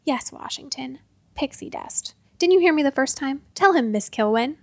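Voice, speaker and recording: A woman's voice: high-pitched, lively intonation, normal speed, creaky, dry recording. A woman voicing a blustering, bossy old male hotel owner who growls his orders.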